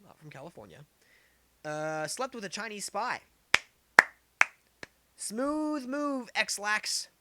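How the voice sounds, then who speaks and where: A man delivers opinionated political commentary, getting heated and worked up as he fires off rhetorical questions and repeats his points. His voice is fairly high-pitched, bright and forceful.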